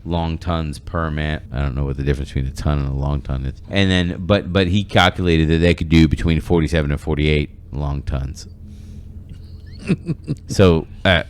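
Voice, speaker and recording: A man's voice: a bass voice, steady tone, normal speed, clean tone. A man hosting a podcast in casual discussion, rambling with many fillers and restarts. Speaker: podcast host.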